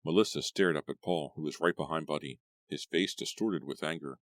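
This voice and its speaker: A man narrating an audiobook story with expressive storytelling. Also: extremely low pitch, fairly quick, no room sound. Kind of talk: scripted narration.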